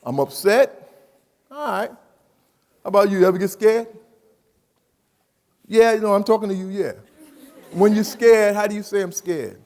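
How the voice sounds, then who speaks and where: Man, motivational speaker, high voice, lively call-and-response delivery, long hall reverb. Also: unhurried, pauses often. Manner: animated and emphatic, repeats phrases, asks the audience questions. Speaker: speaker addressing students. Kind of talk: motivational talk to a live audience. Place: large hall.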